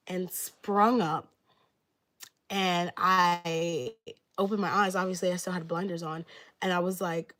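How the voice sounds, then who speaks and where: Young woman, lowish voice, rambling casual storytelling, lots of "like", livestream chat. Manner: rambling, fills nearly every phrase with "like". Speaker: livestreamer giving readings.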